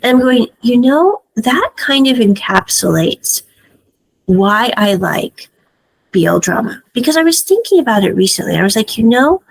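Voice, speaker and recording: Chatty woman recapping a drama, bit of vocal fry, kinda husky. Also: a little high, sing-song, moderate pace, low-quality recording. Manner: chatty, retells scenes with frequent asides. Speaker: series reviewer. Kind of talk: casual spoken review.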